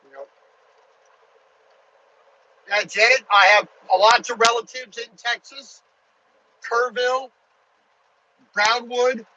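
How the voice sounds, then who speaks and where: Bright high-voiced trucker man. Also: fairly even intonation, takes it slowly, pauses often, highs cut off. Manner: chatty, rambling. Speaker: truck driver. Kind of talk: casual vlog chat while driving. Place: truck cab on the highway.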